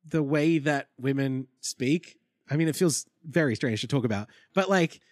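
A young man co-hosts a casual recap chat, wry and thinking aloud as he goes. His pitch moves a lot as he talks. The recording is dry and close. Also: lively intonation, moderate pace, a little mellow, no echo. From Australia. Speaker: podcast co-host.

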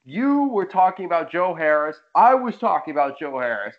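A young man with a slightly high voice hosts a casual sports podcast. He rants emphatically and roasts players with conviction. The sound is dull and lo-fi. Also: very animated, normal speed. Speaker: podcast host.

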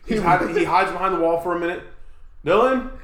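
A man with a slightly higher voice rambles through casual podcast stories, laughing now and then. The room around him rings with a noticeable echo. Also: level tone, racing, fairly bright tone. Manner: rambling storyteller, laughs often. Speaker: podcast co-host. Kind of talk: casual chat.

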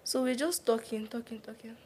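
A woman's voice: fairly high pitch, brisk, husky. Laughing Nigerian woman telling stories. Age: young adult. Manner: animated, laughing, slips into pidgin. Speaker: podcast co-host. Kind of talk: casual storytelling chat.

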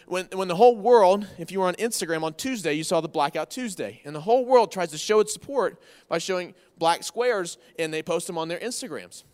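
A man in his thirties preaching a conversational sermon, folksy and repeating key phrases for emphasis. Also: sits high. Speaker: pastor. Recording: long hall reverb from the room.

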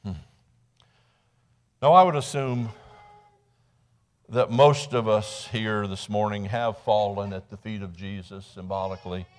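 A man's voice: on the low side, fairly even intonation, a little slow, pauses often. A Midwestern American man preaching a sermon in a church, telling the story conversationally and often restarting his words. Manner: conversational storytelling, dramatic acted quotes; repeats words when restarting. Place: church sanctuary.

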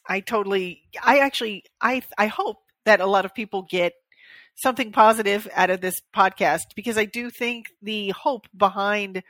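A woman's voice: medium pitch, a bit bright, no room sound. A woman co-hosting a podcast in casual chat, easygoing and self-deprecating, laughing now and then. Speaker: podcast co-host.

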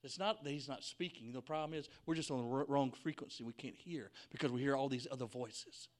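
A man preaching a Pentecostal sermon, telling the story dramatically and acting out the voices, swinging from whispers to shouts. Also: mid-range voice, fairly quick.

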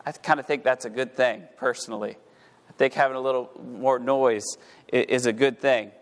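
A male pastor preaching in a church, his voice at an ordinary middle pitch. He reads old scripture wording aloud and then breaks it down, stumbling over repeated words as his fervor builds. The room has a long, echoing reverb. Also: fairly even intonation, moderate pace. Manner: repeats words while rising to fervent emphasis. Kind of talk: sermon. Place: church sanctuary. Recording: echoey hall.

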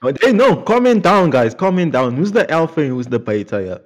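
Young man, podcast co-host, casual banter, excitable, laughs often, slightly high-pitched. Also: brisk.

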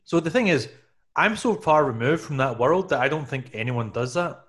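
A man's voice: on the high side, expressive, moderate pace, fairly bright tone. A man from Canada co-hosting a podcast, talking in a rambling way full of fillers and restarts. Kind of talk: casual chat.

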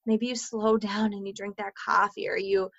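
A woman's voice: medium pitch, steady tone, normal speed, gravelly, a bit bright, no room sound, muffled recording. A woman in her thirties speaking candidly to listeners about co-parenting, earnest and full of "like" fillers, swearing freely. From Minnesota, US.

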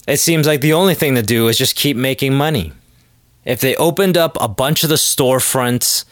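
A man's voice: mid-range voice, dry recording. Young man, podcast host, casual monologue, jokey, dry close sound. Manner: rambling, jokey, self-deprecating.

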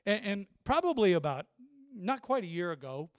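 A man's voice: high voice, big pitch swings, normal speed, smooth, no echo, clean studio sound. An older man, a grandfather, preaching a sermon in a storytelling way, often repeating and restarting his words. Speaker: pastor.

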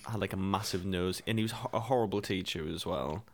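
A man's voice: deep voice, fast talker, slight background noise. A young man from England chatting casually, telling a school story with stammering restarts and giggles.

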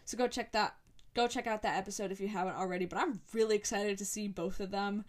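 A young woman hosts her own podcast and chats casually on her own. She rambles along excitedly, filling her sentences with "like" and "um" and restarting her thoughts. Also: medium pitch, fast. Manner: chatty and rambling, lots of "like" and "um", excited. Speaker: podcast host. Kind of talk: casual solo episode talk.

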